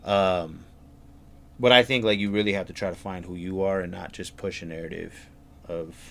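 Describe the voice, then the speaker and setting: Rambling low-voiced guy reacting on stream. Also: fairly even intonation, moderate pace, creaky, a bit bright. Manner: rambling, filler-heavy, repeats "that's crazy". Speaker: stream host reacting to a video. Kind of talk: casual reaction commentary.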